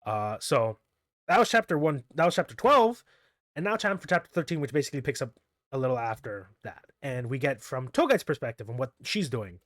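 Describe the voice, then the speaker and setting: A man's voice: medium pitch, very animated, fairly quick, dry recording, clean studio sound. A man casually recapping manga chapters as a reviewer, rambling, correcting himself often and chuckling as he goes.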